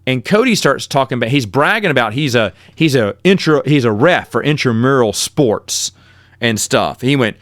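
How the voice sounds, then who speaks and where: A man's voice: mid-range voice, normal speed, dry recording. Middle aged guy rambling thru old college stories, dry close mic, keeps restarting sentences. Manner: rambling, animated, with self-corrections. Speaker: podcast host. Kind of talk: casual storytelling monologue.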